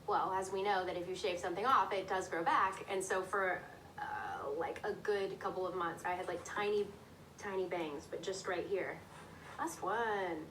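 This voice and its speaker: A woman's voice: mid-range voice, a bit bright. A young woman from Tennessee with a neutral accent, answering interview questions about herself in a breezy, self-deprecating way. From Tennessee, US South. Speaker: interviewed actress. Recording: distant clip audio, faint hiss.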